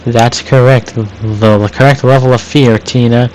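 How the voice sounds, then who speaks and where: A man playing a deadpan, stern cartoon health inspector. He has a grudging, bitter edge and speaks flatly. It is an amateur script read-aloud. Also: medium pitch, moderate pace, slight background noise, natural voice, poor audio. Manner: flat, deadpan.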